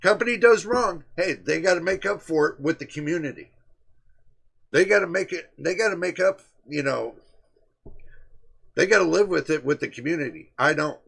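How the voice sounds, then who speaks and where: A man's voice: on the high side, normal speed, gravelly, a bit bright, husky. A man hosting a tech live stream, talking straight to his chat in an emphatic, repetitive way. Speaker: livestream host. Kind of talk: casual livestream chat.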